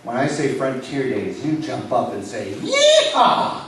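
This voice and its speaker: In a reverberant room at city hall, a man from Lincoln, Nebraska, works the crowd as a comedy stage hypnotist. His soothing, unhurried instructions sink gently low as he urges relaxation, heard from far away over a slight hiss or hum.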